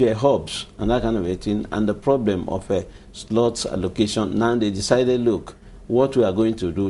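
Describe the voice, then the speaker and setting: A man's voice: lowish voice, mellow. A Nigerian man answering as an aviation expert guest in a studio interview, explaining emphatically and often repeating himself.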